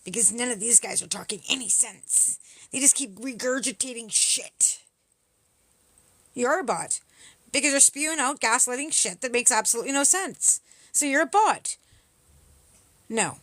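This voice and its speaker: On a dry recording, a Canadian livestream host argues with her commenters in a profane, mocking, combative way. Her voice is fairly high and fairly bright, and she's animated at a moderate pace, pausing often.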